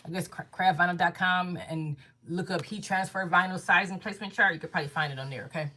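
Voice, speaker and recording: A woman with a low, deep speaking voice runs a casual crafting tutorial from her home workspace. She talks fast and keeps checking in with the viewer as she goes. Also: steady tone, pushed and bright. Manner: fast-talking, checks in with "okay?" often. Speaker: crafting instructor. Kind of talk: casual screen-share tutorial.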